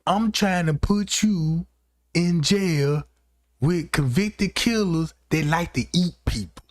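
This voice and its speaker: A man's voice: on the high side, slow pace, no echo, clean studio sound. A man hosting a livestream, rambling through a profane comic rant and constantly checking in with his listeners. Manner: rambling, keeps asking "you know what I'm talking about". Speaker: livestream host.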